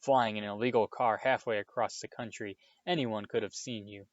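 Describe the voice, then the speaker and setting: A man reading aloud voices a stern, worried mother who scolds her sons loudly, on a dull, lo-fi recording. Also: fairly low pitch, fairly even intonation, a little fast, no room sound, lightly acted. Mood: fussing, kind. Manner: scolding, loud bursts, motherly to the guest. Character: stern, worried mother of seven, fierce temper.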